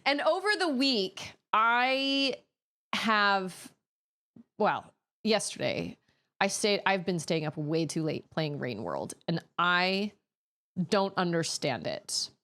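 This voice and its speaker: A woman's voice: medium pitch, sing-song, takes it slowly, a bit bright. A woman streamer chatting casually to her audience in a rambling way, often laughing. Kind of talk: casual chat on a gaming stream.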